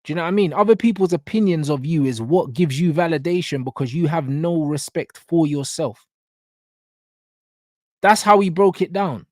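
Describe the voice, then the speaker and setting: Ranting man with a higher voice. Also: moderate pace, no echo, clean studio sound. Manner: animated ranting, ends most phrases with a dropped "bro". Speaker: reaction channel host. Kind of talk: rap reaction commentary.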